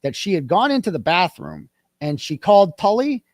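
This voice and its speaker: Guest: animated male storyteller with a slightly high, lively voice who acts out quoted dialogue, recorded dry and close. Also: moderate pace, dry recording. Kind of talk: casual interview storytelling.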